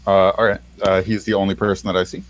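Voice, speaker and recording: A man's voice: low-pitched, little pitch movement, quick pace, a crowd in the background, rough recording. A man playing a tabletop game, joking and wisecracking while speaking in character. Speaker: player. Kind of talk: casual tabletop role-play.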